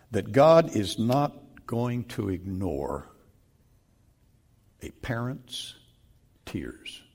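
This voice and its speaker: An older male pastor delivers a sermon at an unhurried, deliberate pace. His voice sits fairly low, and he leans hard on key words with sudden bursts of volume before easing back down. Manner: slow, emphatic preaching with sudden loud stresses.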